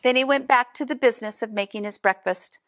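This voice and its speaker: A woman reading a picture book aloud in an expressive way, adding chatty asides to young listeners. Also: on the high side, fast. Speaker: storybook reader.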